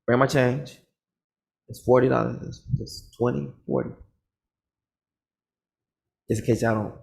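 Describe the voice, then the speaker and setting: A man vlogging, telling a story casually in an animated, boastful and confrontational way, acting out the other people's lines. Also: medium pitch, normal speed, gravelly.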